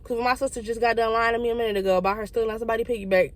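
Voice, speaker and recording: A young woman telling a profane, animated story and acting out the people in it. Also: a little high. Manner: fast, profane, animated storytelling with quoted voices. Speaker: vlogger. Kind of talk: casual storytime.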